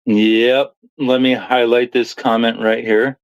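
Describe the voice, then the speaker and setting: A man's voice: medium pitch, level tone, slow, smooth, poor audio. A man commentating on clips and reading viewer comments in a blunt, profane, storytelling manner. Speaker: streamer commentator.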